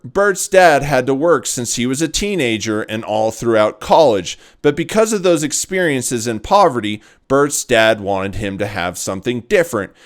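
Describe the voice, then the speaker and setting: Man, scripted voice-over, lively pitch, teasing build-ups. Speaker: commentary channel narrator.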